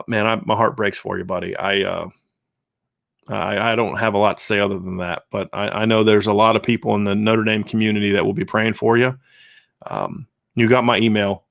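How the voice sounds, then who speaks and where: A man's voice: lowish voice, creaky, fairly bright tone, dry recording. Earnest man hosting a dry live stream. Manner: conversational, earnest, many restarts. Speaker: show host. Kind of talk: casual live-stream chat reading viewer comments.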